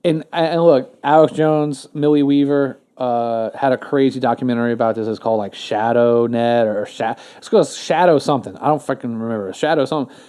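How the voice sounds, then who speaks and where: Rambling, profane man with a mellow voice. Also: medium pitch, brisk, few pauses, clear, resonant tone. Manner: rambling, profane, full of fillers and restarts. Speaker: podcast co-host. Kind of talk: casual podcast chat.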